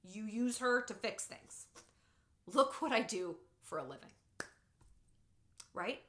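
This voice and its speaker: A woman vlogger giving relationship advice in a casual, expressive and sarcastic way. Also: mid-range voice, takes it slowly, slight background noise. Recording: roomy echo.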